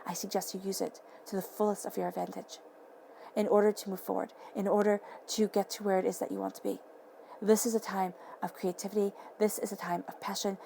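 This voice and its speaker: A woman giving a tarot reading to camera, earnest and excitable, repeating affirming phrases and sometimes tripping over her words. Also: mid-range voice, fairly quick, creaky, slight background noise. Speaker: tarot reader. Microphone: camera mic.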